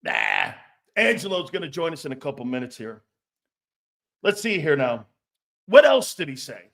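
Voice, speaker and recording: A man's voice: a little high, big pitch swings, moderate pace, fairly bright tone. A man hosting a sports talk show, rambling and joking with frequent laughs, blunt and a bit profane.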